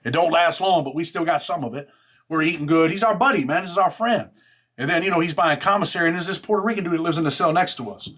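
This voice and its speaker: Slightly high-voiced man telling street stories. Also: quick pace, a bit bright. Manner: rough street slang, heavy fillers like "man" and "right?"; blunt and profane. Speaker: show host telling a personal story. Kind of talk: casual spoken storytelling.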